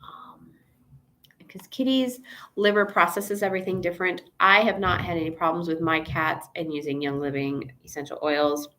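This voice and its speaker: Chatty low-voiced woman vet host. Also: steady tone, normal speed, bright, forceful tone. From Chicago area, USA. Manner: chatty and rambling, with fillers, asides and acted-out quotes. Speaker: veterinarian host of a live Q&A. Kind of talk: casual live Q&A chat.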